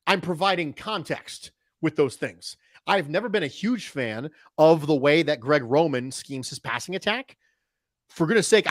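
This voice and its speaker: A man's voice: on the high side, no echo, studio quality. A man talking football on a podcast, emphatic and analytical, often repeating a point for stress. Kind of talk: casual sports podcast talk.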